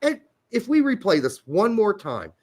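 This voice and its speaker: A man hosts a casual soccer podcast with a lively, swooping delivery. He hammers his points home by repeating them, and he swears freely as he goes. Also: high-pitched, normal speed. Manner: emphatic, repetitive, profane. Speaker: podcast host. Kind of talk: casual soccer commentary chat.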